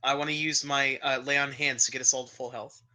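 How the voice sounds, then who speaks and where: Low-key earnest male player. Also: level tone, quick pace, pushed and bright. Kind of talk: casual tabletop play.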